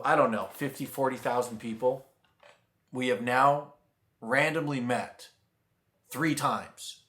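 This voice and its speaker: Young male vlogger, mid pitch, rambling animated storyteller, echoey room. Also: takes it slowly, long pauses. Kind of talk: casual storytime vlog.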